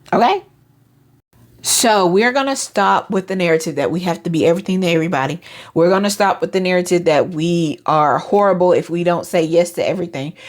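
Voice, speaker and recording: A woman, hosting a casual motivational talk and acting out quoted friends in higher voices. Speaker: host.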